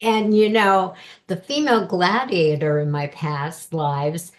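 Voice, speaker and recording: Speaking slowly in a lowish voice, this guest author chats through personal stories during a relaxed interview. She's a woman who laughs often.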